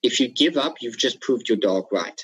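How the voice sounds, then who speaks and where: A man's voice: medium pitch, animated, normal speed, a bit bright, husky, lo-fi sound. A man giving a dog training webinar, instructive and repeating his key points. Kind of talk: webinar lecture.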